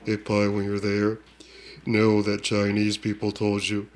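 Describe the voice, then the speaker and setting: Low, flat-voiced man saying "duh". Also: unhurried. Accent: Hmong. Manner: ends phrases with a scornful "duh". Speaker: self-styled psychic shaman. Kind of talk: rambling monologue.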